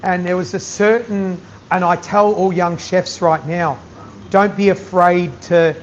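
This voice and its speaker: This chef's voice sits high, with fairly even intonation and an unhurried delivery. He gives a masterclass to an audience at an event venue, talking bluntly and animatedly and swearing freely in a candid way. Faint noise and slightly dull sound mark the recording.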